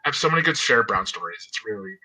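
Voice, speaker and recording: A man tells a rambling story in casual political banter, with plenty of ums and likes as he goes. He talks fast, and his voice is extremely bright and cutting. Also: lowish voice, sing-song, poor audio. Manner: rambling storyteller with many fillers.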